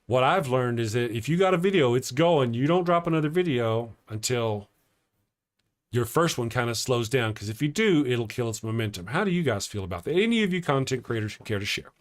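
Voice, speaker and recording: A man's voice: medium pitch, lively intonation, brisk. A middle-aged man hosting a casual morning livestream, rambling and chatty as he reads viewer comments aloud. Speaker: morning show livestream host.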